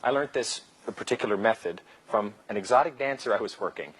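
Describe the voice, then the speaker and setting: A man's voice: fairly low pitch, animated, fast, a bit bright, slightly rough, poor audio. A man teaching a live seminar, loose and joking, acting out bits of dialogue and swearing casually. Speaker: seminar instructor. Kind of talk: live lecture with anecdotes.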